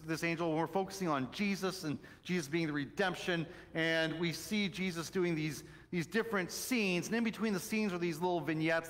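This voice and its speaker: A middle-aged male pastor delivers a lively, storytelling sermon with a fairly high voice. He moves from excited bursts to quiet, hushed passages. His words ring out with a long reverb through the church sanctuary. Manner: animated storytelling, swings from loud excitement to soft hushed tones.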